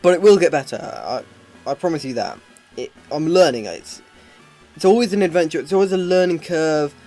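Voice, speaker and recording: A man's voice: a little high, a little fast, warm tone. A man gives rambling, hesitant live commentary on a video game, with plenty of ums and restarts. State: voice starting to hurt. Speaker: let's play commentator. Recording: faint game music behind.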